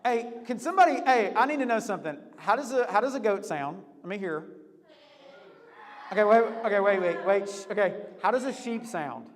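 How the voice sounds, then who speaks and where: A man hosting a lively game for a group, upbeat and teasing, laughing often. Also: high voice, fairly quick, long reverb tail. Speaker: youth leader hosting a game.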